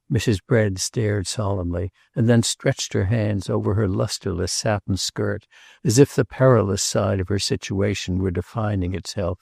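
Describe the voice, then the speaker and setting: A man narrating a classic novel as an audiobook, reading in a measured, unhurried way. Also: on the low side, steady tone, gravelly, a little mellow, breathy edge, dry recording, clean studio sound.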